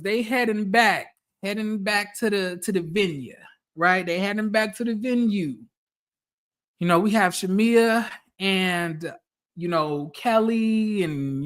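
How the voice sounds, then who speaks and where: A man giving chatty, animated recap commentary on a reality show, talking straight to his viewers. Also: sits high.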